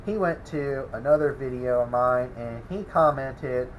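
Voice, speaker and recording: A man's voice: mid-range voice, measured pace, hardly any pauses, slight background noise, low-quality recording. A man, rambling in a casual vlog, chuckling and exasperated as he answers a troll. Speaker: welding channel host. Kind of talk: casual vlog talk to camera.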